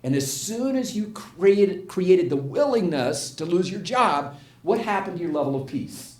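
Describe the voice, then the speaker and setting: A man's voice: high voice, lively intonation, unhurried, darkish tone. An older man giving an inspirational talk to a spiritual community, telling a story, acting out the quotes and asking the audience questions. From United States. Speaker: guest speaker at a spiritual community. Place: church hall with audience. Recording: echoey hall.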